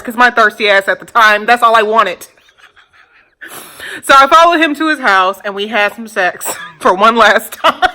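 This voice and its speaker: A woman's voice: a little high, moderate pace, pushed and bright. A woman in her twenties casually telling a storytime tale to her viewers, blunt and profane, laughing often. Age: 20s. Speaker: vlogger.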